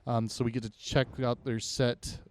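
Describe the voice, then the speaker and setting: A man's voice: mid-range voice, little pitch movement, moderate pace, a little hiss or hum. A man hosting a casual podcast interview outdoors on a city street, talking in an enthusiastic, rambling way and swearing casually. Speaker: podcast host.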